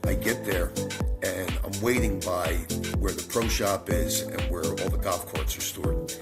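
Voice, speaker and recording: A man's voice: low-pitched, unhurried, loud music behind the voice. A man who founded a company, telling a long story as a podcast guest and acting out the people he quotes. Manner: animated storyteller, acts out quoted dialogue.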